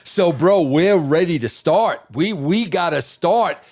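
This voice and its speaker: A man co-hosts a talk show and tells an excited backstage story, calling his partner "bro" again and again. His voice is high, and he stretches his words out slowly. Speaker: co-host.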